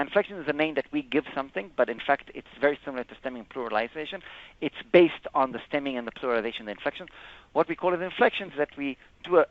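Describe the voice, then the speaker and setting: A man presenting a live software demo in a webinar, explaining step by step and often correcting himself. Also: medium pitch. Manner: halting, explains step by step with frequent self-corrections. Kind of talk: live screen-share product demo. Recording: dull lo-fi webinar audio.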